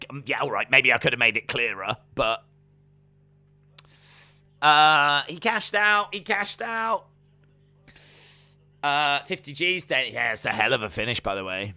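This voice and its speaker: A young man hosting a live watch-along, commentating on fights and reading chat messages aloud, getting loud and excitable. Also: mid-range voice, normal speed, long pauses. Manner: excitable, shouting at big moments, reads chat aloud. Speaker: live stream host reacting to fights.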